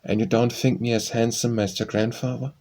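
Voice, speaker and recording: A man doing a gruff old gentleman. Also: medium pitch, level tone, brisk, close to an everyday voice. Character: gruff, abrupt elderly gentleman, kindly underneath.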